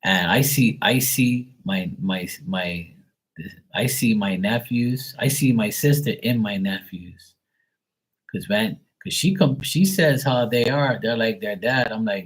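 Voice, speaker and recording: Chatting casually on his live stream, the tarot reader rambles through family stories, blunt and full of swearing. He speaks slowly in a low, husky voice.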